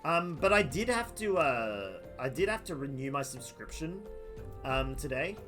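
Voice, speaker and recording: A man's voice: fairly high pitch, very animated, a little slow, fairly bright tone, faint music behind. Chatty Australian man streaming. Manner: chatty, friendly, greets chat by name. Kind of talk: casual live game stream chat. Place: home room.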